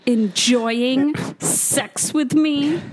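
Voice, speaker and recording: A woman's voice: sits high, extremely slow, darkish tone. A woman co-hosting a podcast in casual chat, teasing and laughing. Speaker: podcast co-host. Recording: noisy podcast recording.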